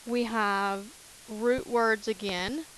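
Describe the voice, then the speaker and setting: A woman's voice: a little high, steady tone, extremely slow, fairly bright tone, a little hiss or hum, rough recording. A woman teacher talking through chemistry notes in a casual way, repeating key terms with many fillers. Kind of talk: recorded lecture over notes.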